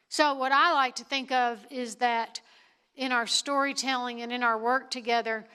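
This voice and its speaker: A woman's voice: a little high, pushed and bright, smooth. A middle-aged woman, a priest and nonprofit leader, answering questions on stage with earnest, emphatic storytelling. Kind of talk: live Q&A talk on stage.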